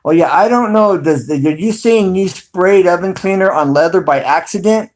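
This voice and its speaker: A man's voice: sits high, normal speed. A middle-aged man hosting a casual livestream, rambling and chatty, with frequent ums and restarts. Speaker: video host.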